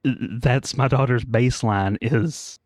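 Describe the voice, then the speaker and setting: A man's voice: medium pitch, slow, darkish tone, dry recording, clean studio sound. A man co-hosting a podcast, fighting a cold, telling rambling family stories and laughing at his own jokes. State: congested with a cold. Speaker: podcast co-host. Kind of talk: casual chat.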